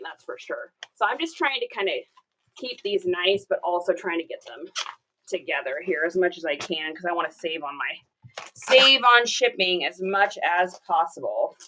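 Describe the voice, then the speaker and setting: A woman's voice: mid-range voice, pushed and bright, a little hiss or hum, low-quality recording. A woman reseller chatting casually with livestream viewers while packing orders, upbeat and greeting people by name. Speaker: reseller livestreaming her shipping.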